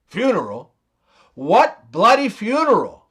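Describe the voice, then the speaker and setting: Man voicing an outraged wealthy landowner, high voice, animated exclaiming. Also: slow pace, breathy edge, heavily acted. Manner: indignant, exclaiming. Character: rich male estate owner, easily outraged.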